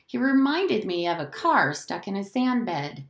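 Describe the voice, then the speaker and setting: A woman teacher reading a novel aloud to her class, in an expressive storytelling manner. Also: mid-range voice, unhurried, vocal fry, roomy sound.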